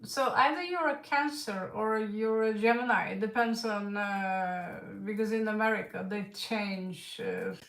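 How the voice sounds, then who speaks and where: A woman's voice: medium pitch, measured pace, hardly any pauses, fairly bright tone, recorded from a distance. A woman who is not a native English speaker, with a mixed British and Russian accent, reading tarot live for chat viewers in a hesitant way with many fillers. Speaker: tarot reader. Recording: echoey room, voice from off-mic.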